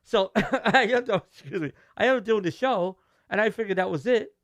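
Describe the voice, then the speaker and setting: Middle-aged man, Brooklyn New York accent, lively storyteller acting out the dialogue; slightly raised pitch, dry room. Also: brisk, no room sound. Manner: animated, acts out quoted dialogue, restarts. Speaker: guest musician. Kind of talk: casual storytelling interview.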